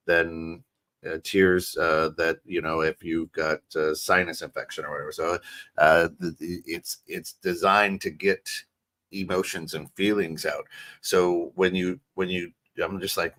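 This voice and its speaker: A middle-aged American man co-hosting a podcast, talking in an animated, casual way, restarting phrases and often asking "right?". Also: low-pitched, measured pace. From United States. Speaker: podcast co-host. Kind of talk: casual chat.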